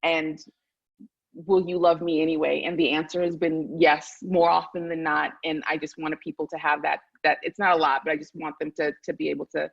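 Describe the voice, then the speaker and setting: A woman's voice: low-pitched, level tone, a little fast, vocal fry, dry recording. A woman author talking earnestly over a video call, restarting her sentences often. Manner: earnest, many restarts, grows emotional. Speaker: guest author. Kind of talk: heartfelt conversational talk. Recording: dull lo-fi video call audio.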